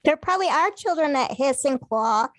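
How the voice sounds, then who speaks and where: A woman's voice: high-pitched, lively intonation, moderate pace, no room sound, rough recording. A woman co-hosting a casual chat, talking in a blunt, matter-of-fact way.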